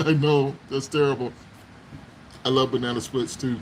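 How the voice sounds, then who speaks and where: A man's voice: mid-range voice, steady tone, moderate pace, a little hiss or hum, rough recording. A man hosting a casual livestream, chatting with viewers, laughing often and exclaiming as he talks. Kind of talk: casual live chat. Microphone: phone.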